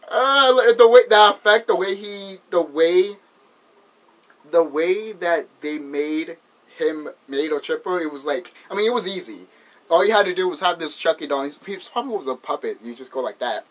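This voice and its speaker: A man's voice: on the high side, fairly bright tone. Rambling, swearing man recapping a movie. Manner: rambling, swears a lot, laughs while retelling. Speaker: movie reviewer.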